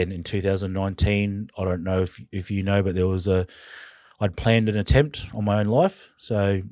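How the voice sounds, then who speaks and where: A man with an Australian accent and a very low voice speaks as a podcast guest. He tells his own story in an earnest, halting way, heavy with feeling, and the sound is close and dry with no room around it. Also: mellow, no room sound. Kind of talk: personal storytelling in conversation.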